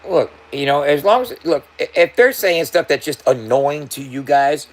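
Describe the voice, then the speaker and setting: A man's voice: on the high side, moderate pace. A man livestreaming and talking loosely to his chat, swearing freely and laughing often. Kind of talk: casual livestream banter.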